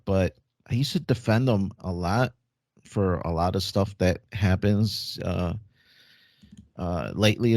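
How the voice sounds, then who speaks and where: A man co-hosting a casual podcast conversation, weighing his words in a measured, thoughtful way. His voice sits low. The sound is dry and close, with no room around it. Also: a little mellow, no room sound. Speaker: podcast co-host. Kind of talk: casual chat.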